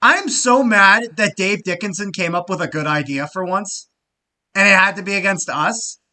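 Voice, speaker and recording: A man co-hosting a casual sports podcast, talking with lots of fillers, getting loud and excited and swearing freely. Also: sits high, normal speed. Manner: frequent fillers and restarts. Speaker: podcast co-host.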